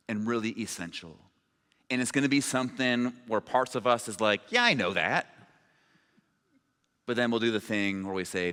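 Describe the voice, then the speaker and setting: A man's voice: lowish voice, fairly bright tone. Casual preaching man in a reverberant hall. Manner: conversational, informal preaching with asides. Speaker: pastor. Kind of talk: sermon. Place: church sanctuary. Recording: long reverb of a large hall.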